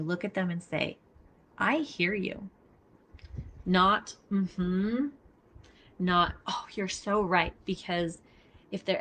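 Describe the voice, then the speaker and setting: A woman's voice: fairly low pitch, fairly bright tone. A middle-aged woman giving a casual live teaching talk, earnest and emphatic, speaking straight to her listeners. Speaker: body mapping teacher. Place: outdoors near traffic.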